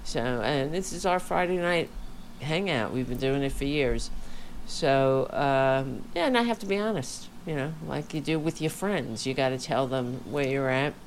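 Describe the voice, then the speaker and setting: Tired, chatty woman with a low voice. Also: moderate pace, hardly any pauses, slight background noise. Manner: rambling, chatty, candid. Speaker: podcast host. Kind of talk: casual livestream chat. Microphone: home studio microphone.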